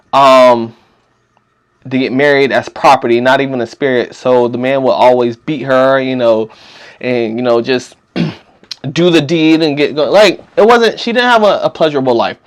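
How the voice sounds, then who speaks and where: A young man, telling a story in a casual, slangy and animated way. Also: medium pitch, normal speed. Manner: animated, slangy, acts out quotes. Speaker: vlogger.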